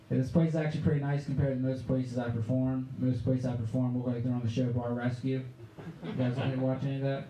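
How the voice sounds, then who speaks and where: Dark-voiced sarcastic young comic man. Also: medium pitch, level tone, fast, echoey room, slight background noise, poor audio. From Pittsburgh area. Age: 20s. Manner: sarcastic, ranting delivery. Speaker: stand-up comedian. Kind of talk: stand-up comedy set. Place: comedy club stage.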